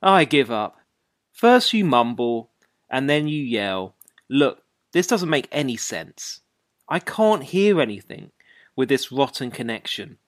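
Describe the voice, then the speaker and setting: A woman's voice: rumbling low, sing-song, slow pace, no echo, clean studio sound, full character voice. A woman voicing Jack, a careless and easily irritated man on the phone, in a dialogue drama reading. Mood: impatient. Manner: brusque, offhand and easily irritated. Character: careless, impatient man on a bad long-distance phone line.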